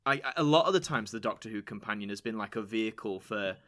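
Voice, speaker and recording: A chatty man from England hosts a relaxed interview. He talks in an animated way, often jumping up into high quoted voices. His voice has a bright, forceful edge. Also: fast talker. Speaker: podcast host. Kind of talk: casual interview chat.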